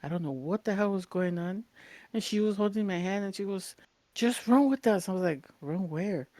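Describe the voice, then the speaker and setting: This podcast co-host has a lowish voice and talks fairly quickly, recorded without echo. Telling relaxed stories, she imitates the people she quotes with lots of energy and curses casually from time to time.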